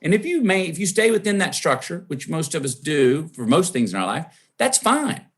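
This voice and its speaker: A man with a Texan drawl tells a story in a podcast interview, his pitch rising and falling with lively swings. He acts out the people he quotes as he goes, dropping low and soft for some lines. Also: normal speed, husky. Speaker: guest.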